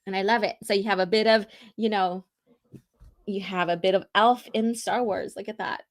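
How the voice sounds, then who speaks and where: A woman's voice: mid-range voice, fairly even intonation, moderate pace. A woman hosting a casual podcast and reading comics along, chatty and full of fillers. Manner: chatty, lots of fillers like "you know" and "um". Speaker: podcast host.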